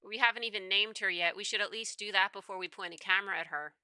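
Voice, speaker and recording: Young mother, affectionate and teasing, voiced by a woman, bright tone. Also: mid-range voice, quick pace, clear, resonant tone, no room sound.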